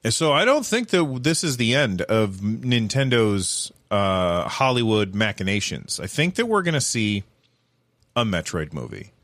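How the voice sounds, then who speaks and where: A man giving casual, animated commentary, rambling with lots of fillers and restarts. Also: fairly low pitch, measured pace, dry recording.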